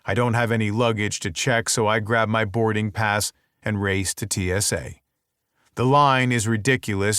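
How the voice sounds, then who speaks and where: A man's voice: lowish voice, fairly bright tone, no room sound, clean studio sound. A man narrating a romance audiobook in the first person, with a wry, intimate inner-monologue delivery.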